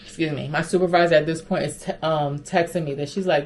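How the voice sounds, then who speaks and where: A woman's voice: low-pitched, quick pace. A woman from Haiti who works as a recruiter, casually telling viewers a story with an amused, chatty manner and frequent asides. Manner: animated, amused storytelling with many "right, y'all?" asides. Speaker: remote-work recruiter and vlogger.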